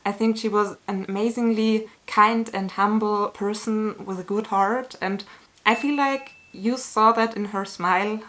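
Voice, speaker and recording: A woman talking to camera as a YouTuber in a candid, earnest way, with slow, searching phrasing and small restarts, sometimes emotional. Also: mid-range voice, steady tone, a bit bright. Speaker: YouTuber answering a tag. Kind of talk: casual talk to camera.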